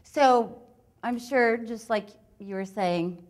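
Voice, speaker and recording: A woman's voice: a little high, slow, darkish tone. Chatty woman laughing through an improv talk. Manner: chatty, laughs often between points. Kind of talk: live talk with audience exercises.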